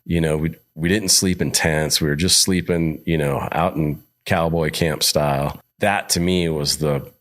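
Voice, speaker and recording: Podcast guest, man, 50s, from Montana: deep voice, rambling travel anecdotes, casual. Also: a little slow, few pauses. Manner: rambling, animated when quoting others. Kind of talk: casual storytelling.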